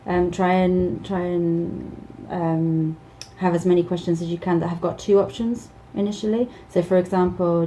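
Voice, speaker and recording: A woman English teacher talks through casual advice in a relaxed, warm tone. Her voice sits a little low. She stops and restarts often and laughs between thoughts. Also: moderate pace, slight background noise, rough recording. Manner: hesitant, many ums and restarts, laughs often.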